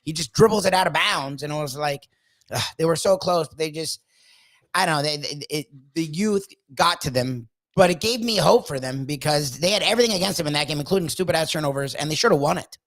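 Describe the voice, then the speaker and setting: A man's voice: on the high side, a little fast, a bit bright, no room sound. A man co-hosting a sports talk show, ranting emphatically and swearing often. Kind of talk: casual sports talk with a co-host.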